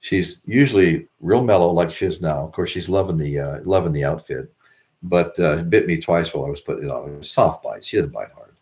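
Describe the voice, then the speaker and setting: Talking to camera, a middle-aged American vlogger speaks fairly quickly in a low voice with a darkish tone. The chat is casual and meandering, full of restarts.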